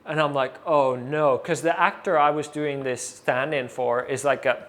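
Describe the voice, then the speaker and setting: A man as an interview guest, telling a story casually, animated and full of fillers, acting out what others said. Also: mid-range voice, a little slow. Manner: animated, acts out quoted voices, many fillers.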